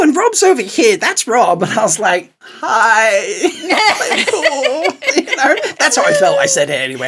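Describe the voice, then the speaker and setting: Animated man telling a story. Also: on the high side, breathy edge. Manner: animated, acts out quoted voices, laughs often. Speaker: podcast co-host. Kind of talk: excited anecdote-telling chat.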